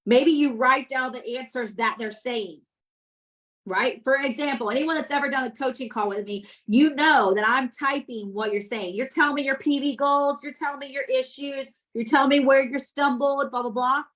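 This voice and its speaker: Upbeat woman giving sales tips to her team, a bit high-pitched, keeps asking does that make sense. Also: normal speed, low-quality recording. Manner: energetic, repeats points, asks "does that make sense?". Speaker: sales team leader and coach.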